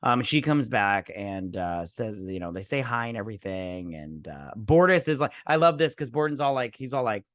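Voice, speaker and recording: A man's voice: on the low side, moderate pace, few pauses, a bit bright, dry recording, studio quality. A man hosting a casual spoken TV review, rambling with many fillers and restarts and mimicking characters' lines. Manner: acts out characters' lines in mocking voices. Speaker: TV review host.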